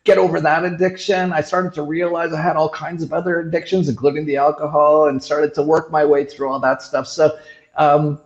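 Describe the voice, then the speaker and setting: A man's voice: a little high, level tone, brisk. Rambling Canadian man, echoey dull audio. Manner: rambling, many restarts and fillers. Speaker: show host. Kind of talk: casual conversational interview.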